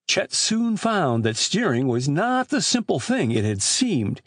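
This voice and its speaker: Male audiobook narrator, expressive and animated, slightly higher voice, dry close recording. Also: measured pace, no room sound. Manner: animated reading with lively shifts for characters. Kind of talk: scripted narration.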